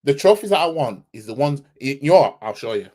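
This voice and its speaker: A man from Yorkshire ranting on his football live stream with a mid-pitched voice. He is sarcastic, repeats his words and reads viewer comments aloud before arguing back. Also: animated, quick pace, a little mellow.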